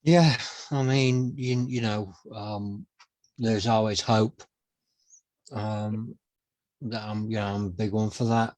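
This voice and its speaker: A man's voice: lowish voice, fairly even intonation, slow, pauses often, a little mellow, no room sound. Hesitant man, dry close sound. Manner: hesitant, many fillers and restarts. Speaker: interviewer, author and poet. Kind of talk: casual conversational interview.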